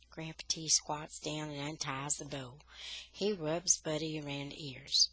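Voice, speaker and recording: Woman reader, expressive storyteller for a children's novel, bright voice. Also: sits low, measured pace, slightly rough, low-quality recording. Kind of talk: reading a children's novel aloud.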